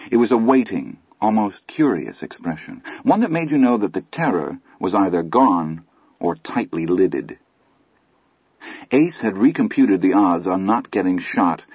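A man narrating a first-person audiobook story in a measured, grave manner. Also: sits low, a little mellow, breathy edge, no room sound. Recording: slightly muffled recording.

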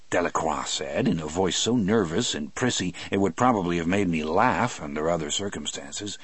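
A man reading a novel aloud in the first person, expressive and shifting between slow and quick delivery. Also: sits low, breathy edge, no echo. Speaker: audiobook narrator.

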